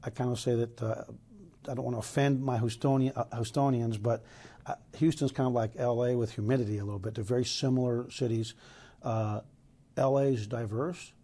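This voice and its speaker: A man's voice: mid-range voice, steady tone, brisk, dark tone. A middle-aged man from Los Angeles, a police chief answering news interview questions in an earnest, emphatic way with many restarts.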